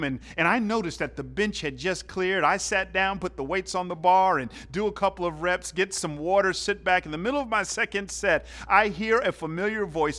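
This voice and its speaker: A middle-aged man from the South, preaching a sermon with animated storytelling and loud bursts for effect. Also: on the high side. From southern United States. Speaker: pastor.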